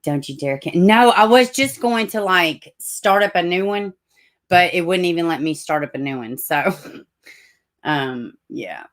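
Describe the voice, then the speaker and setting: Deep-voiced middle-aged Southern woman from Tennessee, hosts a casual stream, chatty, corrects herself often. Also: lively intonation, a little slow. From Tennessee, USA. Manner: chatty, frequent asides and self-corrections. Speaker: livestream host. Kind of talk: casual livestream talk, reading news aloud.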